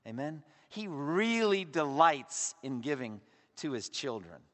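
A man preaching a sermon as pastor, swinging between emphatic lines and hushed asides. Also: fairly high pitch, big pitch swings, a little slow, in a large hall.

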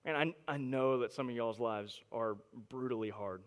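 Speaking at a moderate pace with a medium pitch, this young adult pastor delivers an emphatic sermon to his congregation. Repeated words carry him from hushed, intimate passages up to loud, forceful peaks.

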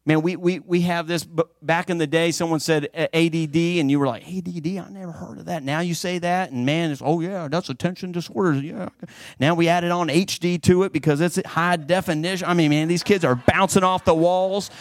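A man preaching a sermon with fervent emphasis, swinging between loud declarations and hushed passages. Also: fairly high pitch, steady tone, fairly quick, dry recording, studio quality.

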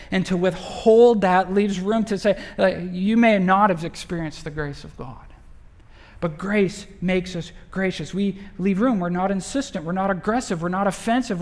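A man's voice: high-pitched, a little mellow, big-room sound. A male pastor preaching a sermon in a conversational way, full of rhetorical questions.

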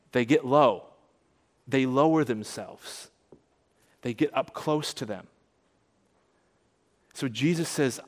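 A man preaching a sermon, earnest and conversational, rising to emphatic peaks and dropping soft. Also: medium pitch, in a large hall. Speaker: pastor.

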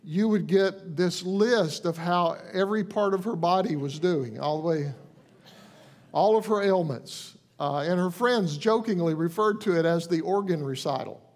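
Guy pastor preaching casual, pretty high voice, earnest and gentle, restarts a lot. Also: a little slow. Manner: earnest, gentle, with frequent restarts and soft quoted lines. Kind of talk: conversational sermon.

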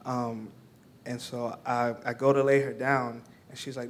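A young man tells a personal story to a church group. He talks haltingly, with many fillers and restarts. His pitch stays level throughout. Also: little pitch movement, a little hiss or hum. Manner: halting, full of "um" and "like". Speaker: church member giving a testimony.

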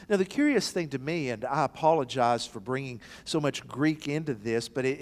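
A man preaching an emphatic sermon in a church, bringing quoted voices to life. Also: mid-range voice. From East Tennessee. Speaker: pastor. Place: church sanctuary. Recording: long hall reverb.

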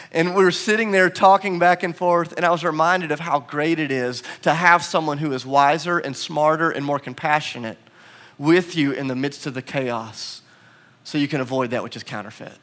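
A man's voice: a little high, sharp tone. A male pastor preaching a sermon, telling a story with self-deprecating humor and building to emphatic repetition.

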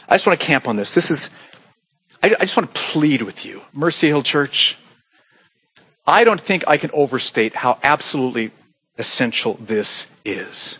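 A man preaching a sermon as pastor, earnest and pleading, with sudden animated bursts. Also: mid-range voice, slightly rough, highs cut off. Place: church sanctuary.

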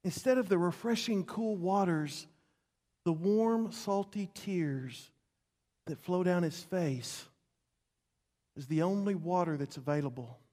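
A high-pitched pastor takes his sermon slowly and dramatically, repeating words and swinging between loud passages and hushed ones.

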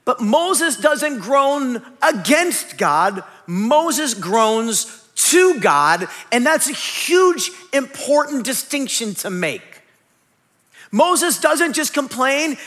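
Man, pastor, sermon, bright voice, loud pleading to hushed asides, long hall reverb. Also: extremely high pitch. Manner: animated, swings from loud pleading to hushed near-whisper; jokey asides.

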